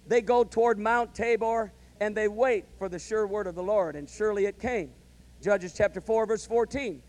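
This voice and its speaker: High-voiced man preaching with rising fervor. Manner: storytelling preacher who builds to loud, emphatic calls of amen. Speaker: pastor. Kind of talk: sermon.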